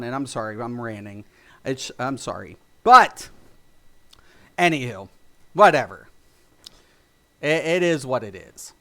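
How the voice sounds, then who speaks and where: Male streamer, high voice, heated profane rant, lots of false starts. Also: fairly bright tone. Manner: heated, profane, rambling with restarts. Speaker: gaming streamer. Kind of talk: ranting livestream commentary.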